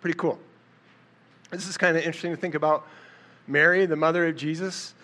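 A man delivers a casual sermon in a conversational, storytelling manner. His voice sits a little on the high side, and he slips into quick voiced-out lines for the people in his stories. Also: steady tone, bright, forceful tone. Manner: conversational, storytelling, acts out quotes with a raised voice. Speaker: preacher.

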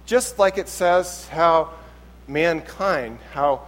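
Guy preaching in church, kinda higher voice, chatty and animated. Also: drawn-out words. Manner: conversational and animated, acts out quotes. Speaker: pastor. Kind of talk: sermon.

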